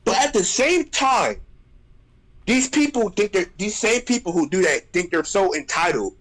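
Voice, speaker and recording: A man streaming, ranting in casual chat, animated and exasperated, roasting people with repeated phrases. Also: sits high, normal speed, low-quality recording.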